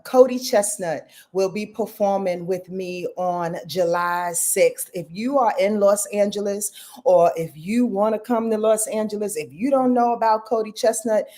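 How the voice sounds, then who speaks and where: A woman, talking casually to her audience in a loose, chatty way full of fillers and asides. Her voice sits mid-range with a mellow, dark tone. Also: mid-range voice. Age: 50s. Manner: chatty, warm address to viewers with frequent fillers. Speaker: astrologer and host. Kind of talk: casual livestream talk.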